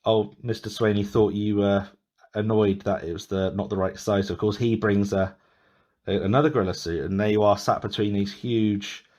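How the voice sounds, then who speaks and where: A man hosts a podcast in casual chat, rambling along with frequent restarts and small laughs. His voice sits somewhat low. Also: steady tone, moderate pace, darkish tone. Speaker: podcast host.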